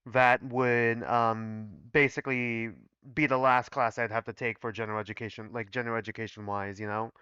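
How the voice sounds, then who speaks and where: A man's voice: mid-range voice, little pitch movement, moderate pace, sharp tone, clear, resonant tone, no echo, highs cut off. A man in his twenties hosting a reading reaction, rambling casually with many fillers. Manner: rambling, filler-heavy, chatty. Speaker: reaction video host.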